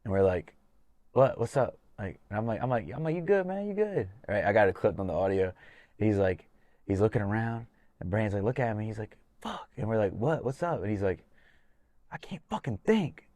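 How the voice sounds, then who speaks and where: A man hosting a casual podcast, telling fight stories with animated, profane retellings of corner talk. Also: fairly low pitch, fairly quick, no echo. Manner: animated storyteller, swears freely, acts out corner talk. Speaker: podcast host and MMA coach.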